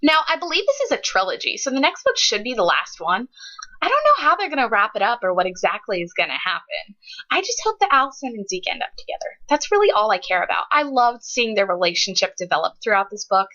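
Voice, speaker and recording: A young woman with a bright, fairly high voice gushes through a casual book review, swooping up and down as she gets emotional. The sound is dull and lo-fi, like a cheap webcam mic. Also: sing-song, quick pace. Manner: gushing, emotional, says "like" a lot.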